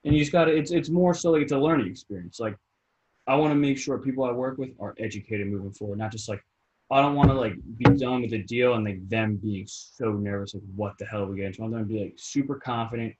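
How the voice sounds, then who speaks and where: A young man with a New Jersey accent talks in a loose, rambling way, full of "like" and quick acted-out quotes. His pitch sits in the middle. The sound is slightly dull and lo-fi. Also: a little mellow. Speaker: realtor guest. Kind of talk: casual podcast chat.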